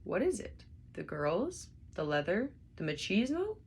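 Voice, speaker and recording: A woman voicing a quick-talking, wheedling male alien traveller with a brisk, persuasive manner in a storybook reading. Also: lowish voice, very animated, vocal fry, a little mellow, slightly rough, heavily acted.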